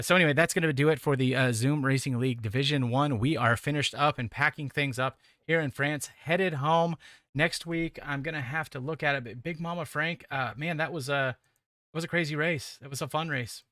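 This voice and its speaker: Bright, rambling racing stream host man. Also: on the high side, brisk, no echo, studio quality. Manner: rambling, self-deprecating, filler-heavy. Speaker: sim racing broadcast host. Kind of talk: casual closing commentary.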